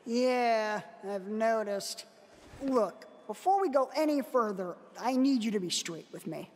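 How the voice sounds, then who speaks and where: A woman's voice: fairly high pitch, a little slow. A woman playing a snarky young male swordsman. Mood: wary. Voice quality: sarcastic, deadpan. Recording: reverberant with background music.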